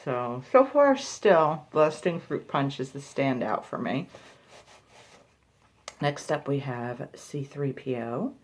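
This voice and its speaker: With an animated bass voice, a woman slowly works through trying and reviewing lip balms for her beauty vlog. She's casual and talkative, voicing her thoughts and making light of herself.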